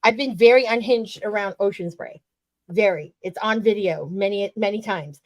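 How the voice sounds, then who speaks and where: A woman's voice: medium pitch, moderate pace, no room sound. A woman from the US West Coast co-hosting a casual wrestling podcast, emphatic, profane and fired-up. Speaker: podcast co-host.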